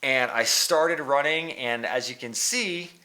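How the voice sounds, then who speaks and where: Man, bright voice, casual, rambling, self-correcting, training vlog. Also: medium pitch, slow. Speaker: vlogger.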